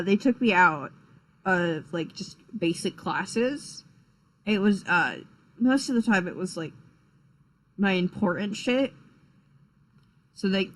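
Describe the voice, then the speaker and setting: A young man rambles through stories on a live stream, swearing freely and tripping over his own restarts. He sounds sleepy and unhurried, with a casual, offhand delivery. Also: high-pitched, a bit bright, poor audio. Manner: rambling, profane, frequent fillers and restarts. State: tired, yawning.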